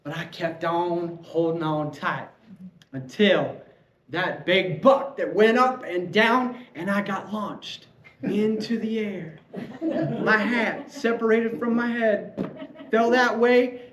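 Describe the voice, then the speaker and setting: High-voiced man telling a story in an echoey room. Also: slow, slight background noise. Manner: animated, playful storyteller. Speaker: club speaker. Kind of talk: prepared storytelling speech. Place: club meeting room. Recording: echoey room, faint ambience.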